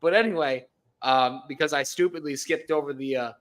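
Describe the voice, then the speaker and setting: A man co-hosting a casual sports podcast, loud and jokey, swearing freely as he gives his picks. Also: on the high side, a little fast. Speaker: podcast co-host.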